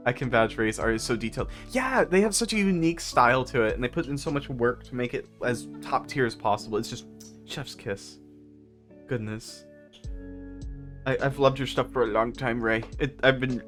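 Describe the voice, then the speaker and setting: A woman livestreaming in casual chat, telling funny stories through fits of laughter and gushing shout-outs to viewers. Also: very deep voice, animated, moderate pace, faint music behind. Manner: giggly, bursts into laughter while storytelling.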